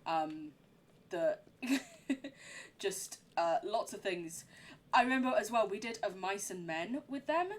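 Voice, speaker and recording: A woman's voice: medium pitch, lively intonation, takes it slowly. A young woman streaming a horror game, chatting in a giggly, rambling way. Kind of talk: live game commentary.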